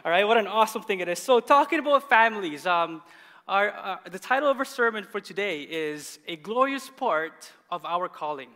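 Male pastor, thirties, high bright voice, animated storyteller, long church hall reverb. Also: normal speed. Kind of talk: sermon.

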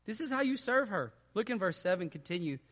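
A man preaching a sermon in a conversational way, dropping to quiet asides and rising to loud emphatic stretches. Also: high voice, very animated, brisk, long reverb tail. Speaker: pastor.

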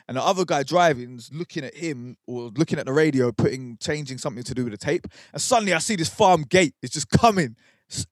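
In a podcast studio, a young male co-host tells a meandering tale packed with slang and profanity, full of animation. He speaks in a mid-range voice, and the studio-quality audio has no echo.

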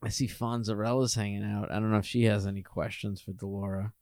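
A man's voice: on the low side, level tone, quick pace, a little mellow, no echo. A man co-hosting a casual podcast chat, making joking asides. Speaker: podcast co-host.

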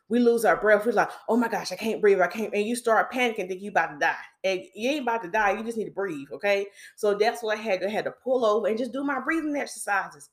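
Chatty confiding woman, slightly low voice. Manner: chatty, confiding, repeats herself for emphasis. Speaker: podcast host. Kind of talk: casual personal faith talk.

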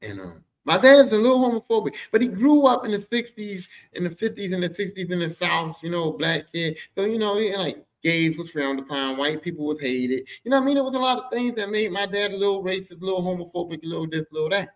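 Man, podcast storyteller, profane and slangy, high voice, swooping lively pitch. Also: fast talker, hardly any pauses. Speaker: podcast host. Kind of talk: comic storytelling.

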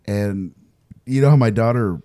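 A man's voice: lowish voice, normal speed. A man co-hosting a podcast, telling stories in a casual chat and swearing freely. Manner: swears freely, animated storyteller. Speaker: podcast co-host.

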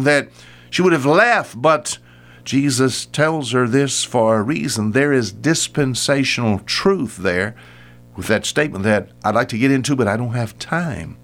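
An older man, a radio Bible teacher, giving a homespun, animated Bible talk and acting out the voices in the story. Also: medium pitch, unhurried.

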